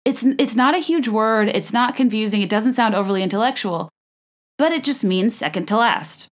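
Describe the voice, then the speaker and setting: A woman's voice: on the high side, normal speed. A young woman from the American South hosting a solo podcast, rambling casually and poking fun at herself. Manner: chatty, self-deprecating, rambling with restarts and laughs. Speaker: podcast host.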